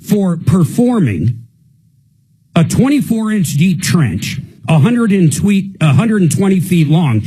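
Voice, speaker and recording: A man's voice: high voice, mellow, slightly rough, low-quality recording. A male radio host on a live consumer call-in show, talking in a fired-up, indignant rant. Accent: American.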